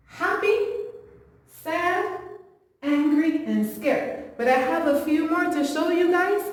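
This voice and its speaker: High-voiced teacher in an echoey room. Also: female voice, a little hiss or hum. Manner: animated, gasping in surprise, quizzing the children. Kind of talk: reading a picture book to young children. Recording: very echoey room with long reverb.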